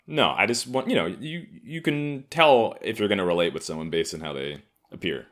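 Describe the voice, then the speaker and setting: A man in his thirties from Harlem riffs through a solo comedy podcast monologue. His voice sits low but swings widely in pitch, with sardonic, profane asides. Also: expressive, brisk, fairly bright tone. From Harlem, New York. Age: 30s. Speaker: podcast host.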